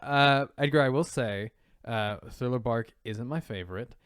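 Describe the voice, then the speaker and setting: Smooth-voiced man in lively casual chat. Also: mid-range voice, normal speed, no echo, studio quality. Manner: animated, acts out character lines in a raised voice. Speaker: podcast co-host. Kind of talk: casual chat reviewing manga.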